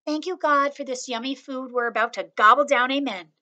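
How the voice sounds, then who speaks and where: A woman reading aloud and voicing a bossy, playful young girl in a high, loud voice. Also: a little fast, highs cut off.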